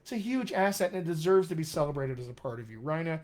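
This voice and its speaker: A man's voice: fairly high pitch, expressive, quick pace, darkish tone. Emphatic, encouraging male dialect coach. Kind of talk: live-streamed Q&A, reading comments. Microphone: webcam or computer mic.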